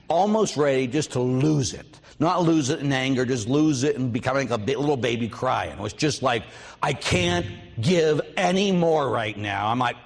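A middle-aged priest with a gravelly, husky mid-range voice gives a mission talk in a large hall. He shares personal stories, acts out quoted voices with energy, and asks the audience questions.

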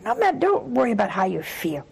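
Husky older nun hosting a call-in show. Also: female voice, medium pitch, huge pitch swings, brisk, poor audio. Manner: earnest, with acted-out anecdotes and repetition. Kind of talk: call-in religious talk with storytelling.

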